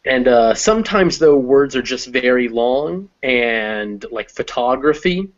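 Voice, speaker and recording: A man teaching English who explains step by step, often pausing to think. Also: mid-range voice, expressive. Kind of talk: conversational language lesson. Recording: slightly dull recording.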